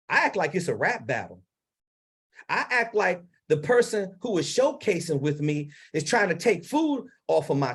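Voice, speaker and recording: Husky, high, lively-voiced speaking coach man. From Maryland, United States. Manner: emphatic and blunt, with dramatic pauses and sudden loud-soft swings. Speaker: public speaking coach and host. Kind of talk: livestream coaching talk. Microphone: lavalier.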